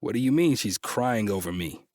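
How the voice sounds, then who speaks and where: A man's voice: on the low side, animated, moderate pace, darkish tone, no room sound, clean studio sound. A man reading a first-person romance audiobook with a tense, frustrated delivery and frequent swearing. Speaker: audiobook narrator.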